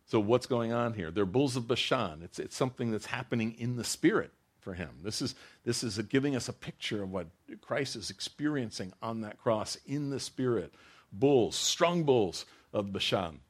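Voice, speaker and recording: A man's voice: medium pitch, moderate pace, few pauses, breathy edge. A man preaching a sermon as a pastor, earnest, often restarting his phrases and rising into emphatic bursts.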